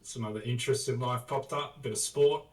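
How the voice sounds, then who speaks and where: A man's voice: medium pitch, steady tone, brisk, echoey room, recorded from a distance, rough recording. A man chatting and joking casually on a livestream. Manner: joking, banter-filled. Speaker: streamer.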